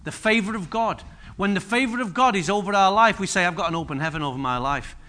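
A man preaching a sermon, acting out biblical speakers with sudden loud bursts. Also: sits high, quick pace. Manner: energetic preaching, voices biblical figures with sudden loud rises. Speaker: pastor.

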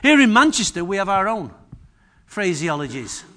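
A man's voice: high voice, very animated, normal speed, bright, forceful tone. A man preaching a sermon in a humorous, chatty way, often asking the congregation questions.

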